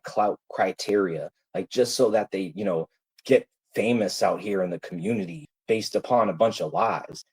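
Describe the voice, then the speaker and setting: A man's voice: medium pitch, mellow, breathy edge, low-quality recording. A man ranting in casual talk, packed with "like" fillers and swearing, and stressed. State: stressed, subdued. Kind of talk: casual livestream rant.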